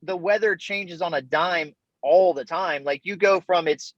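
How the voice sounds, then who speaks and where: A man's voice: high-pitched, measured pace, fairly bright tone, dry recording. A man who is a guest on a podcast, telling his story in an easygoing, chatty way and laughing often. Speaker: interview guest, Army veteran. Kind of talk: casual storytelling in an interview. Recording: dull, dry remote call audio.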